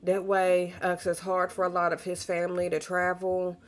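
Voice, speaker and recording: Young adult woman, lower register, casual and talkative vlog delivery. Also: monotone, normal speed. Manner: chatty, warm storytelling with Southern US slang. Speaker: pregnant vlogger. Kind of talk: casual chat to camera.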